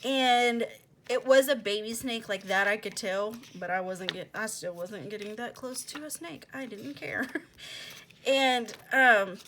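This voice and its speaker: With a slightly high voice, a young woman who vlogs about planners tells an animated story at home while decorating one, using lots of "like" and quoted dialogue. As she works, she lowers to a soft near-whisper, and the recording has a little hiss or hum.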